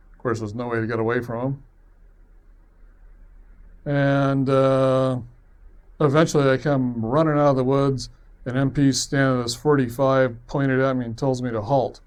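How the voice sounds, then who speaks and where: A man of medium pitch recounting a story from his own life. He rambles along in a loose, conversational way, self-deprecating, with an easy chuckle here and there. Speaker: web series producer. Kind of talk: personal storytelling.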